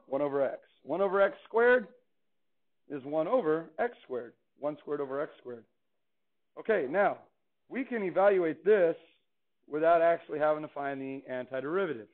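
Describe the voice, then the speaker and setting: A man's voice: on the high side, animated, normal speed. A man teaching a calculus class in a chatty, playful way, often asking the students questions. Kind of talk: classroom lecture. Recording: tinny phone-like classroom recording.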